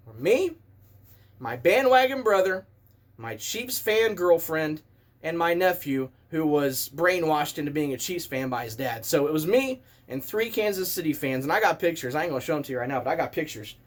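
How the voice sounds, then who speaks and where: A man in his thirties, a vlogger telling a story in an excitable, animated way as a casual rant. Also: fairly high pitch, normal speed. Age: 30s.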